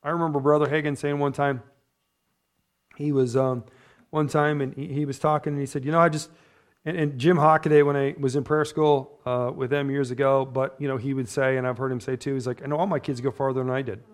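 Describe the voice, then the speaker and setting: A man preaching a sermon in church in a loose, conversational way, often checking in with his listeners with a quick "right?" or "amen?". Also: medium pitch, little pitch movement. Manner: chatty, tags points with "right?" and "amen?". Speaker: pastor.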